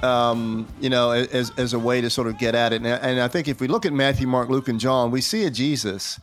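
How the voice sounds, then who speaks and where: Guy hosting a church talk show, thinks out loud, stops and restarts a lot. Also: mid-range voice, soft background music. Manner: halting, reflective, many restarts and fillers. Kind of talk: conversational interview.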